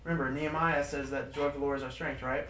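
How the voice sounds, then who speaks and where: A man leading a small group Bible study in an informal, animated way, repeating points for emphasis and laughing through his stories. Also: mid-range voice, racing. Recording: roomy, distant mic with faint background noise.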